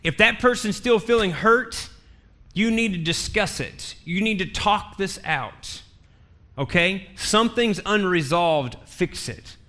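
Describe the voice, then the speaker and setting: A man's voice: high voice, animated, takes it slowly, bright, forceful tone. A male pastor preaching a sermon in a church, telling a story with humor and emphatic repetition.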